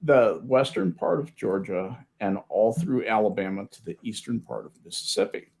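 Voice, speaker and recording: A male podcast host in a casual group chat, talking haltingly with restarts and wry jokes. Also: lowish voice, sing-song, vocal fry, darkish tone, slightly rough.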